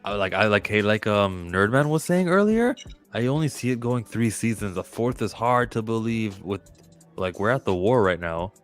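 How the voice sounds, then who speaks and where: A man in a casual group chat about TV, chatty and quick to agree or throw in a joke. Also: on the low side, expressive, faint music behind.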